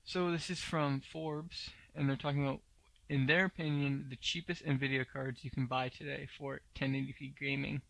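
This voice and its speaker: A man hosts a tech news podcast in a casual, opinionated way and fills his talk with asides. His voice has a gravelly fry and stays fairly level in pitch. The recording is dry and close, with no room sound. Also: level tone, moderate pace, fairly bright tone, no room sound. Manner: opinionated, blunt, many fillers. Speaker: podcast host.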